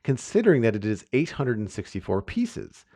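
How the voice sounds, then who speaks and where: A man hosting a podcast, chatting casually in an animated way and laughing easily. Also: mid-range voice, normal speed. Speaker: podcast host.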